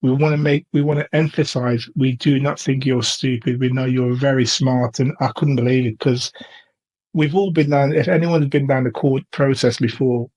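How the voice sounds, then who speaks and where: A man's voice: mid-range voice, fairly even intonation, moderate pace, darkish tone, low-quality recording. A man from England telling of a court visit in a casual, earnest way, with many ums and restarts. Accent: English. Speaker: testimony speaker. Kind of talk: casual first-person account.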